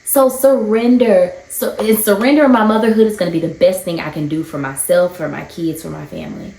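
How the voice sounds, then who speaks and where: A woman's voice: medium pitch, fairly even intonation, brisk, vocal fry, darkish tone. A woman in her thirties, a mom of three, talking earnestly and encouragingly in a casual faith and motherhood vlog. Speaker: mom vlogger. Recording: roomy echo.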